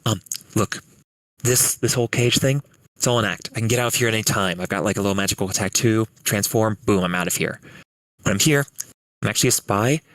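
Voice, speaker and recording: A man voicing a cocky male spy in a cage who talks in a rushed, breezy way. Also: lowish voice, fairly bright tone, no room sound, natural voice, low-quality recording. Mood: conspiratorial.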